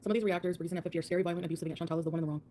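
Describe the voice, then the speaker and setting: A woman's voice: on the low side, steady tone, very fast, noisy background. A woman livestreamer ranting defiantly, mocking her critics. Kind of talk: livestream rant.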